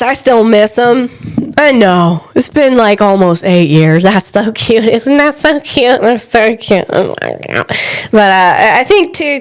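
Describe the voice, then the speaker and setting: A young woman talks on her own podcast in a loose, rambling way. Her voice sits mid-range, and she laughs at herself often. Now and then she breaks into short snatches of song. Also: medium pitch. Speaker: podcast host. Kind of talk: casual solo chat.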